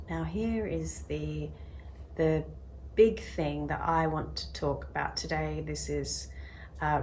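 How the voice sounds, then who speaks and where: Woman vlogger, slightly low voice, chatty, acts out voices, goes soft and quiet at times. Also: slight background noise. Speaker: self-help video host. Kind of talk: casual talk to camera.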